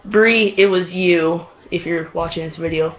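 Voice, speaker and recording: A man's voice: on the high side, fairly even intonation, unhurried. A man telling a story in a casual vlog, rambling with many fillers and restarts and laughing often. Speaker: vlogger. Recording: dull lo-fi home video audio.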